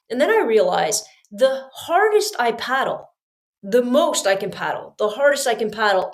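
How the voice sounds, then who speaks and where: Chatty woman telling a story. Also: a little high. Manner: animated, chatty, talks straight to listeners. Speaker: podcast host. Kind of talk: storytelling monologue.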